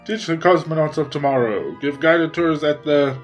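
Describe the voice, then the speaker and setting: A man voicing a peppy ad announcer pitching museum jobs in an upbeat sales style. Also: moderate pace, soft background music, close to an everyday voice.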